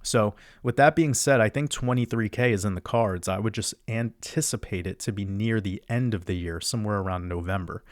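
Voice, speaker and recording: A man's voice: on the low side, brisk, hardly any pauses, no echo, clean studio sound. A man hosting a solo crypto podcast, walking through charts in a casual, repetitive way with fillers and restarts. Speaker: crypto chart analyst host. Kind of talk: solo chart-walkthrough commentary.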